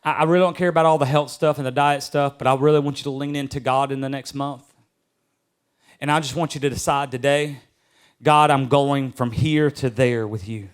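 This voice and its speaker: A man's voice: on the high side, steady tone, fast, smooth. A pastor in his thirties preaching emphatically, repeating key lines and calling for amens. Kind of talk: sermon.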